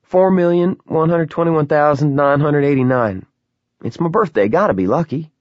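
A man doing an excitable young student, high and eager. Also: dry recording, lo-fi sound, lightly acted. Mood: hopeful. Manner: excitable, quick to shout.

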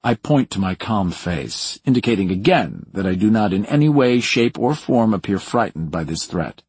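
A man narrating a first-person thriller audiobook in a dry, wry, deliberate manner. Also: lowish voice, sing-song, a little mellow, breathy edge, dry recording.

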